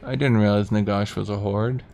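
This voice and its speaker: A man's voice: lowish voice, fairly even intonation, normal speed, creaky, dark tone, faint music behind. A young man streaming a strategy game, talking offhand and sardonic, swearing casually as he comments.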